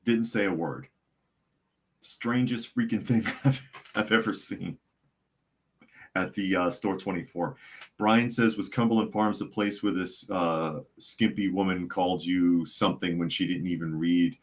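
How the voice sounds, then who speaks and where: Low-voiced man rambling through an old story. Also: steady tone, measured pace. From United States. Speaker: podcast host. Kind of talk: casual live-stream chat, reading viewer comments.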